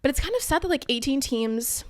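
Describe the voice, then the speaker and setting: A woman's voice: high voice, animated, a little fast, dry recording. A young woman hosting a podcast, casually explaining a topic in a chatty, self-deprecating way with plenty of fillers. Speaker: podcast host.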